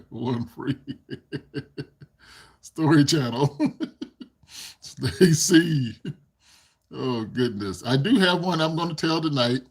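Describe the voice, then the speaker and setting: A man's voice: fairly high pitch, extremely slow, pauses often, slightly rough. A man hosting a casual live stream, reading viewers' comments aloud, rambling and often chuckling as he talks. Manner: rambling, repeats himself. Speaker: channel host reading live chat.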